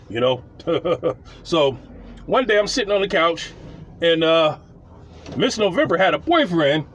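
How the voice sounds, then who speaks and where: A man's voice: on the high side, lively intonation, unhurried, a bit bright, highs cut off, a little hiss or hum. A man telling a story about his tenants, blunt and profane, rambling and repeating himself. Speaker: landlord telling tenant stories. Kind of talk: casual storytelling.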